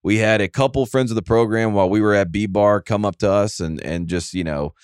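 A man's voice: lowish voice, fairly quick, a little mellow, clear, resonant tone, dry recording, clean studio sound. A man hosting a casual sports podcast, rambling and self-mocking, with lots of fillers and restarts. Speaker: podcast host.

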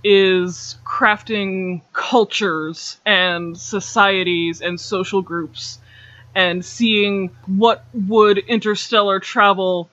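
A high-pitched man with a bright, sharp edge talks in a loose, chatty way, with plenty of "like" and laughs slipping in between points. The recording is dull and lo-fi, with a dry, close sound. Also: steady tone, very slow, no room sound. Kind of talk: casual explanatory chat.

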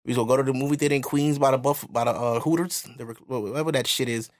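A man from New hosting a podcast, telling a story in animated, profane casual chat. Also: mid-range voice, rapid-fire. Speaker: podcast host.

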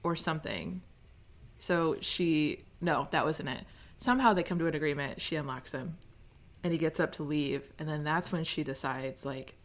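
A woman with a low-pitched voice recounts an episode on her podcast. She is relaxed and often stops to fix her own retelling. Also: normal speed. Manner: relaxed, corrects herself mid-story. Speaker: podcast co-host. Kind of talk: casual recap chat.

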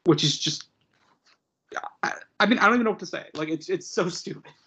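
With a high, husky, bright voice and a forceful tone, a young man co-hosts a podcast at a fairly quick pace. He rambles and mocks in casual conversation, laughs a lot and leans on fillers, all captured in dull lo-fi sound.

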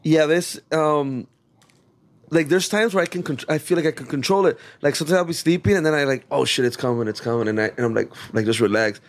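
A man's voice: fairly high pitch, fairly quick. A man in a loose, casual chat, rambling with many restarts and switching into Spanish slang.

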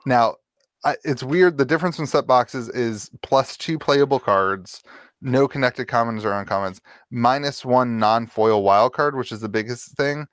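A man co-hosting a casual podcast, talking in a halting way full of restarts. His voice sits at a middle pitch. The sound is dry and close. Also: fairly bright tone, dry recording. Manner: halting, restarts a lot while explaining. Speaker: podcast co-host. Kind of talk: casual chat.

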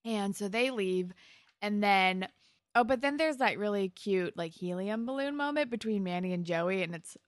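A woman's voice: medium pitch, animated, normal speed, no room sound, studio quality. A young woman chatting casually as a podcast co-host, retelling a TV episode's plot and acting out the characters' lines. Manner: chatty plot retelling, acts out quotes, laughs often. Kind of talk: casual TV recap chat.

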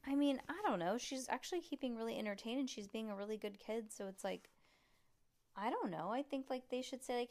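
Woman, reading aloud to a child, relaxed asides, home room. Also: a little high, a little fast.

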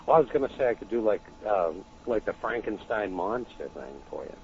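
Low, lively man chatting and rambling, lo-fi podcast audio with faint hiss. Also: fairly quick. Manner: rambling, restarts often. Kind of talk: casual chat.

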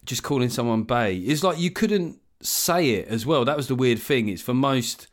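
A man in his forties holds forth in a relaxed chat, opinionated and openly exasperated. He talks at an ordinary middle pitch and swears freely. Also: normal speed. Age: 40s. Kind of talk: casual chat.

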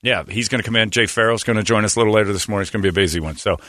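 A man's voice: lowish voice, racing, fairly bright tone, no room sound, clean studio sound. A man hosting a morning radio show, wisecracking and laughing often as he jokes with his co-hosts. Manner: wisecracking, laughs often, slips into mock voices. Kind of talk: joking morning radio banter. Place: radio studio. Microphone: studio microphone.

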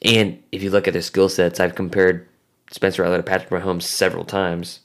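A man's voice: deep voice, level tone, brisk. A man co-hosting a casual sports podcast, talking with many fillers. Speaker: podcast co-host.

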